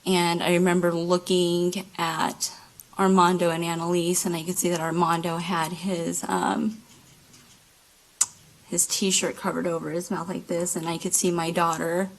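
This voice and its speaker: A woman testifies from the witness stand in a courtroom, speaking slowly and haltingly. Her voice has a gravelly, creaky texture, and she often pauses on fillers and starts her sentences again. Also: fairly low pitch, level tone, low-quality recording. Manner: halting, many fillers and restarts. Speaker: trial witness. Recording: courtroom microphone.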